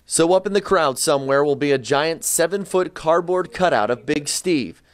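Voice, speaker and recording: A man's voice: fairly high pitch, normal speed. Upbeat male sports reporter. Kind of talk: broadcast news reporting.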